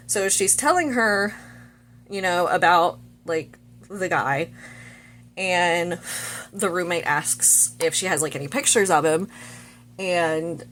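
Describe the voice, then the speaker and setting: A woman's voice: lowish voice, fairly bright tone, a little hiss or hum. Chatty woman recapping a movie. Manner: chatty, full of "like" and "you know" fillers. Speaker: vlogger. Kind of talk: casual movie recap while doing makeup.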